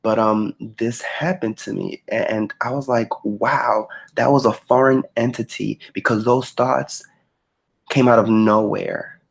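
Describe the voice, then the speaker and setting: A man's voice: mid-range voice, steady tone, unhurried, vocal fry. A man co-hosting a talk show, animatedly retelling a personal experience with casual profanity. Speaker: co-host. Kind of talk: casual storytelling.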